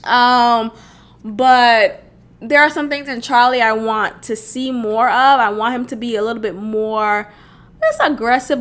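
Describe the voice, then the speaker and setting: A young woman hosting her own podcast, talking in a high voice with a bright, sharp edge. She gives blunt, animated opinions in casual chat, breaking into laughing asides. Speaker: podcast host. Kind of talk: casual reality-show commentary.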